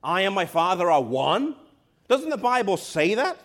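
A male preacher with a high voice delivers an emphatic sermon. He speaks straight to the congregation, slows down to stress key words and sometimes sinks to a near-whisper. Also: very animated, a bit bright. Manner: addresses the congregation directly.

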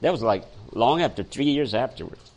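A man's voice: mid-range voice, brisk. Man preaching. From Korea. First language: Korean. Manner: animated, swings from raised voice to soft storytelling; quotes people in the story, chuckles often. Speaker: pastor. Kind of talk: sermon with storytelling.

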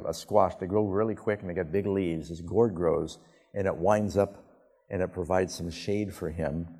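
A male pastor preaching a sermon, telling the story emphatically and with sudden rises in pitch. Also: warm tone. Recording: long hall reverb.

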